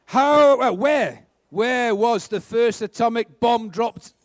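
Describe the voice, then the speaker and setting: A man with a New Zealand accent hosting a live school quiz, brisk and joking, with sarcastic asides between questions. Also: very high-pitched, no room sound, clean studio sound. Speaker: quiz host.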